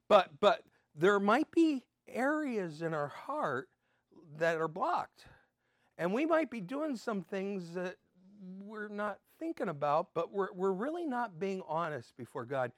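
Older man, pastor, sermon, high-pitched, dry sound, earnest. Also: no room sound. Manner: earnest, swinging between emphatic and soft.

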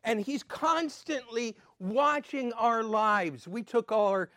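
An older man giving an earnest sermon as a pastor, swinging between emphatic and soft. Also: very high voice, slow pace, no echo, studio quality.

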